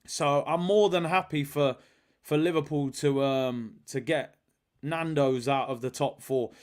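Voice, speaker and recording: A man's voice: fairly high pitch, unhurried. A man hosting a live football watch-along stream, chatting casually, reading viewer messages aloud and calling the match action. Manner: chatty, reads out viewer super chats, excited match calls.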